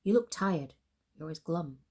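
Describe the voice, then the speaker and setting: A woman's voice: low-pitched, lively intonation, moderate pace, mellow. A woman voicing a blunt, caring female friend and boss who pushes hard and talks matter-of-factly. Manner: pushy, insistent, matter-of-fact.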